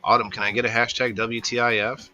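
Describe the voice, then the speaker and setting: A man's voice: medium pitch, flat delivery, quick pace, sharp tone, soft background music. A man hosting a casual livestream, rambling in an easygoing way and greeting viewers by name. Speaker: livestream host.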